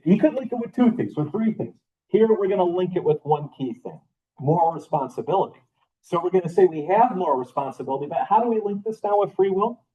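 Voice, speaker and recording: Husky, mellow-voiced man lecturing a class. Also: fairly high pitch, low-quality recording. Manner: conversational, rhetorical questions, repeats key phrases. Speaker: philosophy professor.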